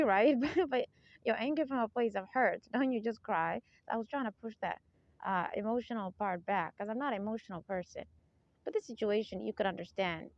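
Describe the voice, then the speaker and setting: A woman vlogger at middle pitch talks on and on in an emphatic, insistent way, often tossing in quick check-ins to her listeners. She is recorded outdoors. The sound is dull and lo-fi. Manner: emphatic, rambling, keeps checking in with "right?" and "okay?"; forceful, insistent tone. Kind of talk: casual spoken monologue.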